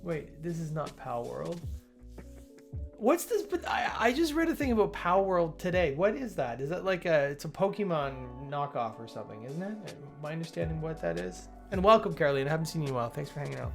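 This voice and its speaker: A man's voice: on the high side, expressive, brisk, gravelly, soft background music. A man hosting a casual livestream, reading changelog items aloud, greeting chat viewers and rambling with frequent self-corrections. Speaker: livestream host reviewing software updates.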